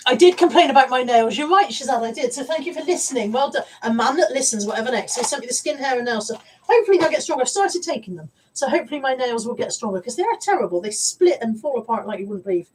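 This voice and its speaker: A woman's voice: sits high, lively intonation, fast talker, recorded from a distance, a little hiss or hum, rough recording. A woman hosting a casual live stream, chatty and rambling as she greets viewers. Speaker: live-stream host and reseller.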